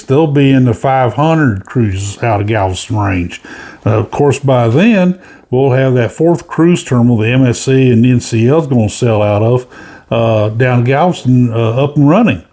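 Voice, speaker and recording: Man, casual news commentary, rambling, many fillers, mid pitch. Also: a little slow, mellow. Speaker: cruise news host.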